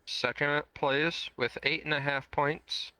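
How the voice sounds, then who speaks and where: A man hosting a podcast, talking in a relaxed, joking way that rambles a little. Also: on the high side, takes it slowly, clear, resonant tone, no echo, rough recording. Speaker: podcast host. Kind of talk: casual podcast chat.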